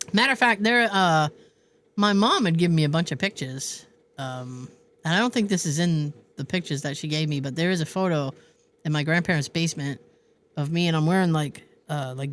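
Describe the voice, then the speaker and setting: A woman in her fifties hosting a podcast, telling rambling stories with frequent laughter. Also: on the low side. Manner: rambling storyteller, laughs often. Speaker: podcast host. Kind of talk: casual chat. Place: indoor room with a space heater running. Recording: noisy room with heater hum.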